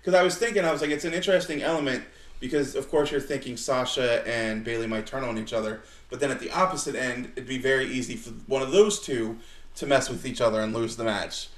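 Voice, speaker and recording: A man's voice: mid-range voice, fairly even intonation, fast talker, roomy sound. A man co-hosting a wrestling podcast, chatting casually and enthusiastically. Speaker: podcast co-host. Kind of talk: casual chat.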